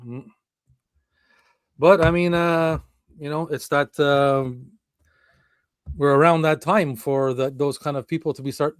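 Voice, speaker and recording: Over a remote video-call stream mic, a man with a medium-pitched voice hosts a casual live-streamed chat with no room sound. This podcast host swears a lot, laughs, and grows exasperated at the glitches.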